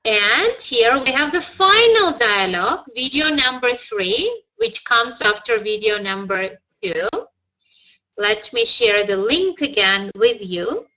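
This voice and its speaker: This is a woman teaching an English class over a video call, with a high voice and a bright, crisp edge. She guides students patiently and keeps offering encouragement as she corrects them. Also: very animated, slow, dull audio. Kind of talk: online English lesson.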